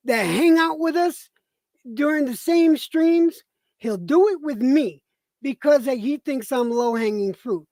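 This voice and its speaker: Woman ranting in a slow, stammering tirade. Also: high voice, animated, a little mellow, no echo. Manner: profane, stammering repetitions. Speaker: streamer. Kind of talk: angry livestream rant.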